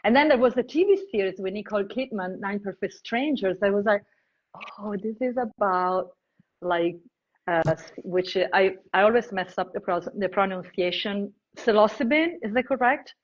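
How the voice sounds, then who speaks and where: A woman interviewer with an Italian accent, asking questions in a lively, halting way with frequent restarts. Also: medium pitch, highs cut off. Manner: animated, halting, many restarts and "like" fillers. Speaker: interviewer, host. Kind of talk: casual interview chat.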